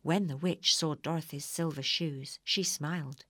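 A woman reading a children's storybook aloud in an expressive, clear way. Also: sits low, unhurried, hardly any pauses, no room sound, studio quality.

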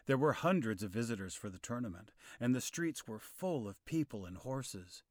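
A man narrating a storybook in a clear, expressive style. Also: medium pitch, moderate pace, few pauses, no echo.

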